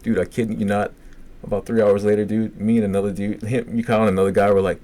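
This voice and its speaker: A middle-aged man with a Cajun accent, co-hosting a podcast and telling a long story in a casual, profane, animated way, acting out the quotes. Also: on the low side, quick pace. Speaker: podcast co-host.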